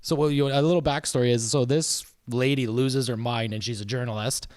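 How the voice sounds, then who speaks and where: A man of middle pitch co-hosting a podcast. He tells the story in a laid-back way and swears freely. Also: steady tone, a little fast, a little mellow, smooth. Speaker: podcast co-host. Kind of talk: casual chat.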